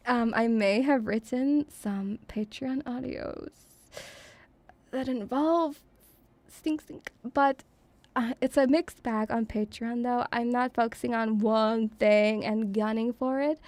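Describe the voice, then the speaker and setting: A woman's voice: a little high, measured pace, a little mellow, no echo. A woman streaming as a VTuber, chatting casually and reading viewer messages in a flirty, teasing, giggly way.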